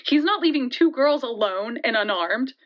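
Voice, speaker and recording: A shaken young woman, played by an actress, tells her story in a fairly high voice, halting and stumbling over repeated words. The audio drama sound is dull and lo-fi. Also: expressive, close to an everyday voice. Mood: tense. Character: shaken young woman retelling a deadly night.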